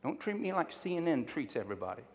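A man's voice: fairly high pitch, very animated, fast talker, darkish tone, long reverb tail. A male pastor preaching a sermon, emphatic and drawing call-and-response from his congregation.

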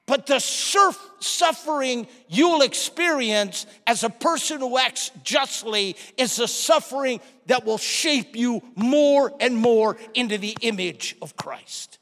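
A man preaching a sermon, telling a story and acting out the people in it with animated delivery. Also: very high voice, takes it slowly, hardly any pauses. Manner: animated, acts out quoted people. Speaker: pastor. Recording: long hall reverb.

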